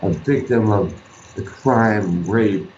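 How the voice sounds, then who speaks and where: A man's voice: fairly low pitch, slow, darkish tone, slight background noise. A man, an artist guest in an interview, telling stories in an earnest, rambling way. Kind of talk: casual interview talk. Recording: roomy, dull lo-fi sound.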